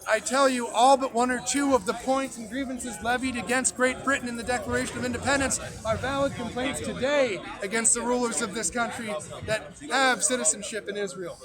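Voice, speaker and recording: A man giving a loud, emphatic political speech outdoors on a street, his voice strained. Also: extremely high pitch, steady tone, brisk, hardly any pauses. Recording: crowd noise behind an outdoor stream.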